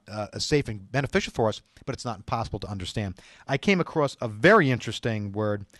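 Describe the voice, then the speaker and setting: Middle-aged male host, casual and rambling, halting with fillers, mid-pitched, dry studio sound. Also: no echo. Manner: rambling, chatty, many fillers and restarts. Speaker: show host giving diet advice. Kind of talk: casual talk to camera.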